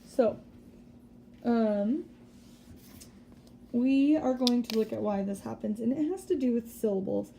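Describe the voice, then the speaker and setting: A woman teacher giving a recorded spelling lesson, patiently explaining step by step and sounding out words slowly. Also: a little high, vocal fry, mellow, a little hiss or hum. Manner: slow deliberate word-by-word sounding out.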